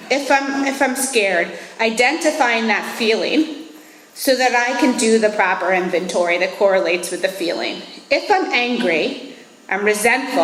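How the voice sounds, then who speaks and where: A woman's voice: medium pitch, fairly bright tone. A woman in her thirties giving an earnest, reflective talk at a recovery meeting. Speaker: AA speaker. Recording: echoey hall.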